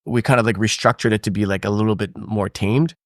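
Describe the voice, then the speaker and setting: A man's voice: on the low side, quick pace, no room sound, clean studio sound. A man, a drummer guest on a podcast, talking casually with lots of fillers and restarts. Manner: relaxed, rambling with many fillers. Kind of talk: casual interview chat.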